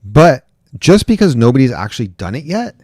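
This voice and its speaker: A man's voice: medium pitch, very animated, fairly quick, a little mellow, no echo. A man chatting casually on his livestream, rambling and reading out chat comments, close to a microphone at home. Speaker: livestream host, rideshare driver. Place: indoor home room. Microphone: close desk microphone.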